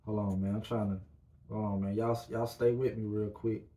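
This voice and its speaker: Animated man hosting a casual podcast. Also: fairly low pitch, moderate pace. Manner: loose, animated, repeats "man" and "you know what I'm saying". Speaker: podcast host. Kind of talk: casual solo podcast talk.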